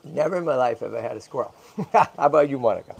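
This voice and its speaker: With an animated, quick delivery, a man speaks at medium pitch with vocal fry and a slightly rough edge. He hosts a casual livestream, checking in with "right?" and "okay?" and cooing softly to a baby squirrel as he handles it. He is a channel host and tortoise rescuer.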